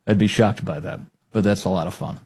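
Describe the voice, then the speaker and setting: A man hosting a political podcast, mocking and animated, often laughing at what he plays. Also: deep voice, fairly quick, husky. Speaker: podcast host. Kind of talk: political commentary.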